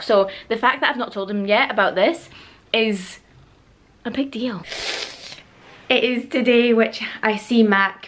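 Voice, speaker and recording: A young woman, chatting excitedly to a handheld camera in a casual vlog and laughing often. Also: a little high. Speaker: vlogger.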